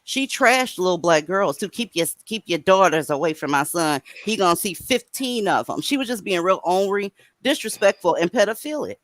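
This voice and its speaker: Woman, panel host, expressive melodic delivery, blunt and profane. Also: medium pitch, moderate pace, few pauses, no room sound. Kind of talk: casual livestream panel chat.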